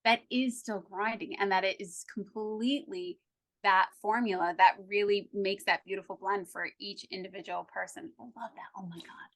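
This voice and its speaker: A woman's voice: steady tone, fairly bright tone. A woman success coach speaking enthusiastically in a podcast interview, acting out little inner voices as she explains. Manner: enthusiastic, acts out inner voices with quick pitch jumps.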